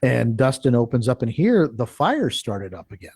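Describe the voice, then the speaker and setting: A man's voice: mid-range voice, moderate pace, slightly rough, dry recording. A man telling a long field story as a guest in a live interview, acting out what people said and often restarting his sentences. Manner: animated, acts out quoted speech; rambling with frequent restarts.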